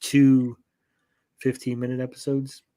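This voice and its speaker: Male co-host and parent, casual and profane, animated storyteller, mid-range voice. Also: mid-range voice, unhurried. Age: adult parent. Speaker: podcast co-host. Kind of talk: casual chat.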